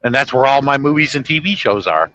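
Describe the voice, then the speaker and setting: A man's voice: medium pitch, animated, quick pace, bright, forceful tone, highs cut off. A man hosting a casual chat, retelling movie scenes in a rambling, self-correcting way. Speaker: host. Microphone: podcast microphone.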